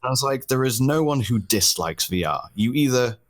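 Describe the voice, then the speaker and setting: A young British man chatting casually as a podcast guest, telling lively stories with frequent laughs and casual swearing. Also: medium pitch, moderate pace. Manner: animated storyteller, laughs often, swears casually. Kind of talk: casual conversation.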